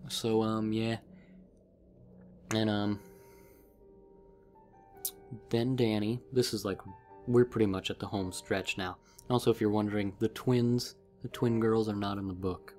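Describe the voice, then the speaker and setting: A man's voice: on the low side, fairly even intonation, normal speed, darkish tone, faint music behind. Rambling young-sounding man recapping a book. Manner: rambling, filler-heavy. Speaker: vlogger.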